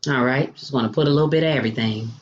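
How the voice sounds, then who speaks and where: With a rumbling low voice and very fast delivery, a woman runs a playful home cooking demonstration, tossing out food exclamations and calling viewers honey and baby. The recording loses its highs.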